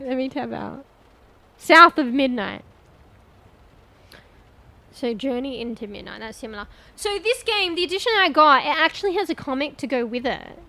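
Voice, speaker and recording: A fairly high-voiced woman streams a game, rambling and thinking aloud as she explores. She chats casually, speaks straight to her viewers, and throws in offhand swears. The audio quality is poor.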